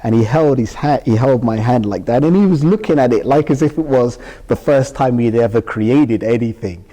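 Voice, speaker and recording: A British man talks a little fast in a dark, mid-range voice, his words echoing through a large hall. He's a guest in an interview, emotionally retelling a personal experience and vividly acting out the dialogue.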